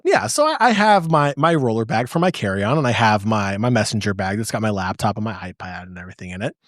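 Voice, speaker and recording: A man from the United States co-hosting a podcast, telling a story in casual chat with lively restarts. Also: on the low side, fast talker, no room sound, clean studio sound. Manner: animated storyteller with frequent restarts. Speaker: podcast co-host.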